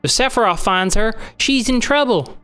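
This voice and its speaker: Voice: medium pitch, expressive, moderate pace, a bit bright, smooth, faint music behind, voice pushed up, natural voice. A player putting on a raised voice to play a worried, loyal young woman fighter in a fan-voiced game playthrough. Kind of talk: fan voice acting over a game.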